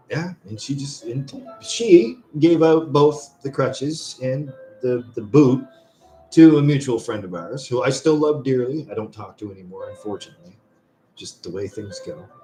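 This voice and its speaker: A man's voice: mid-range voice, darkish tone. A man hosting a live stream, rambling through a story and swearing freely in casual chat. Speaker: livestream host. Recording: roomy echo, faint music behind.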